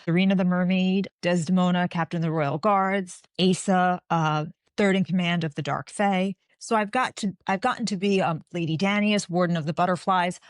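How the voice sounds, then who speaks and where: A woman in her forties chatting as an interview guest, with a voice a touch lower than most women's. She tells her stories with animation and slips into the voices of the people she quotes. The sound is close and dry. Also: moderate pace, hardly any pauses, dry recording. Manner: animated storyteller, acts out quoted dialogue. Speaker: guest author. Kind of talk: casual interview chat.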